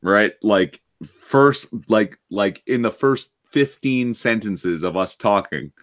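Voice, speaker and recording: Man from canada, low voice, halting, casual chat. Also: lively intonation, fairly bright tone. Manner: halting, repeats words as he starts.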